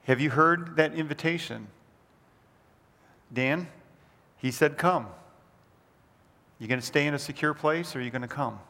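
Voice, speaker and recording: Guy preaching a sermon in a big echoey church, earnest, keeps repeating lines, goes soft and quiet a lot. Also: a little high, moderate pace, long pauses. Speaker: pastor.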